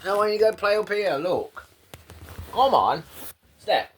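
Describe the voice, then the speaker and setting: A man's voice: sits high, big pitch swings, measured pace, fairly bright tone, a little hiss or hum. A man talking to his pet bird at home, teasing and scolding it and swearing casually. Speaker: pet owner vlogger. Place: indoors at home. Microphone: phone camera held close.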